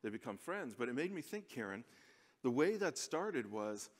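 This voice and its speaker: A man's voice: mid-range voice, big pitch swings, normal speed. An American man giving a chatty, self-deprecating conference speech from a stage, laughing often. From United States. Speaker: conference speaker. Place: large conference hall. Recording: long reverb of a large hall.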